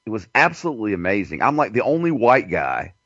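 A man's voice: on the low side, sing-song, quick pace, fairly bright tone, slightly rough, no room sound. A man telling a long story in casual chat, rambling and profane. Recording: dull dry lo-fi recording.

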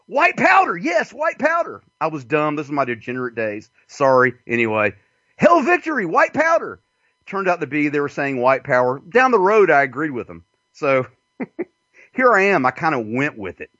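A radio host with a Southern US accent speaks at a medium pitch, expressive, fairly quick, and slightly bright. He rambles through a profane comic monologue, laughing often, on a dull, lo-fi, dry recording with no echo.

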